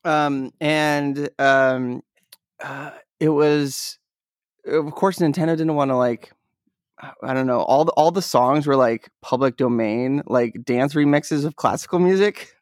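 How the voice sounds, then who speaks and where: A man's voice: medium pitch, unhurried, no echo, studio quality. A young man co-hosting a casual podcast chat, telling rambling stories and laughing often. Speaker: podcast co-host.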